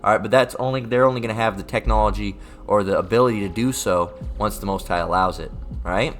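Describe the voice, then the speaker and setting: A man giving a casual livestream Bible lesson. He rambles, repeats words and keeps adding "all right?", and he reads scripture aloud slowly and deliberately. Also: lowish voice, fairly bright tone. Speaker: online scripture teacher.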